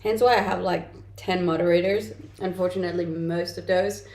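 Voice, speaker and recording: A woman's voice: fairly low pitch, fairly even intonation, normal speed, a little mellow. A young woman from Denmark with a mixed, Danish-tinged English accent, chatting casually on a livestream and answering her chat. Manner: chatty, reads chat aloud and answers with light laughs. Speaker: streamer and content creator. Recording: roomy echo.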